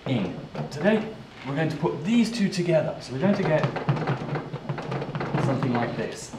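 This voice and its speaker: A man teaching pronunciation, spelling out letters and repeating words slowly as a classroom drill. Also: medium pitch, lively intonation, a little mellow, slight background noise. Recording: roomy echo, voice from a distance.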